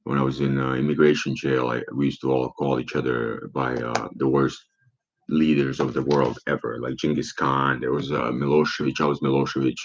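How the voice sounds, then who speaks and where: Guy with a real low husky voice rambling and cussing, muffled lo-fi sound. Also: little pitch movement, fairly quick. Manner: profane, rambling, rhetorical questions. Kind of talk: rambling monologue. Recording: dull lo-fi recording.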